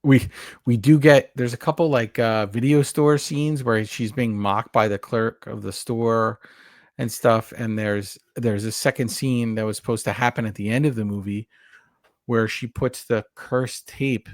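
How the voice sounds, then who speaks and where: A man's voice: medium pitch, measured pace, no echo, clean studio sound. A man co-hosting a podcast, talking casually and at length, often restarting his sentences as he recaps scenes. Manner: rambling, self-correcting, animated recaps. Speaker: podcast co-host. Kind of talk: casual chat about a horror movie.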